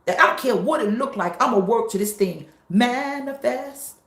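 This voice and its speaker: A woman pastor preaching a live-streamed sermon, emphatic and repetitive, sometimes breaking into shouts. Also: fairly high pitch, expressive, normal speed, reverberant.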